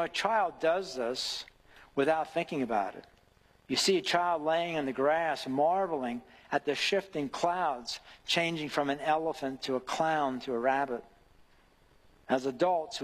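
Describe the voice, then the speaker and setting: A man preaching an earnest devotional sermon in a slightly high, husky voice, building to emphatic questions. A long reverb trails behind every phrase, as if in a large hall.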